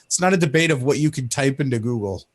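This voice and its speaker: A man's voice: medium pitch, lively intonation, fast talker. A man hosting a casual livestream, indignant and mocking, rambling through his points. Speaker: host.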